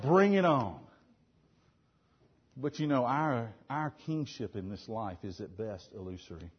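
Husky preacher swinging loud and soft. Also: male voice, mid-range voice. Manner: emphatic, swings between loud declarations and quiet asides. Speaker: pastor. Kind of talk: sermon. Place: church. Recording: dull lo-fi church recording.

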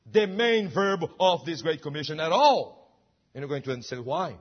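A man's voice: on the high side, lively intonation, fairly quick, husky, lo-fi sound. A man preaching a sermon, emphatic and full of rhetorical questions. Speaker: pastor.

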